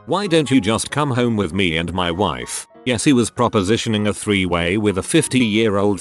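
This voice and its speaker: A male narrator with a lowish voice reads online posts in a scripted, steady storytelling manner. His pitch swings lively from phrase to phrase. Faint music plays under the voice.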